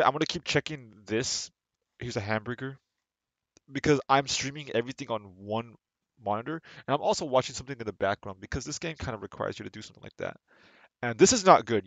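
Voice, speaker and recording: A man's voice: medium pitch, gravelly, no room sound. A man streaming a game live and chatting casually, rambling and tripping over repeated words. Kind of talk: casual live gameplay chat.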